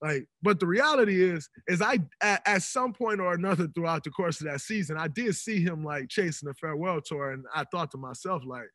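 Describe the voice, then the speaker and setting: A man in his thirties, a podcast guest telling stories in an animated, emphatic way. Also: fairly high pitch, fairly quick, hardly any pauses, no echo. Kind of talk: casual podcast conversation. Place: podcast studio.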